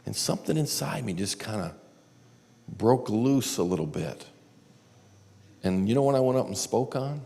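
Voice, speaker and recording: A low, gravelly-voiced man tells candid, self-deprecating stories as he teaches a seminar. His voice carries a long reverb from a large church auditorium, recorded live. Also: animated, moderate pace, long pauses, dark tone. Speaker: seminar speaker. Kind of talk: storytelling teaching talk.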